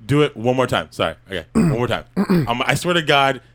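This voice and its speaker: A man's voice: medium pitch, sing-song, a little fast, fairly bright tone. A man hosting a comedy podcast, teasing his co-host and joking with profanity. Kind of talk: casual comedic chat.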